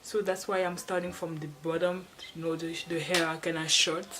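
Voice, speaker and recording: A woman's voice: on the low side, level tone, moderate pace, fairly bright tone, rough recording. A woman vlogger chatting casually to the camera at home, rambling along with frequent restarts and little laughs. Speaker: hair-care vlogger. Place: at home, seated in front of a wall. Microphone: camera placed off to the side.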